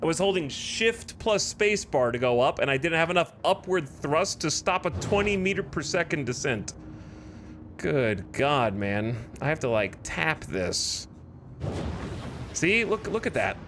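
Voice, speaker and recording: A man's voice: on the high side, sing-song, a little slow, background noise. A man streaming a video game, chatting casually with sarcastic, exasperated self-talk. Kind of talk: casual gameplay commentary.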